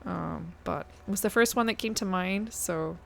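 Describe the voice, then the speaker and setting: A woman's voice: fairly low pitch, normal speed, gravelly, fairly bright tone, slight background noise. A woman, chatting casually to her viewers while playing a game on a live stream and thinking aloud. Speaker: guest streamer.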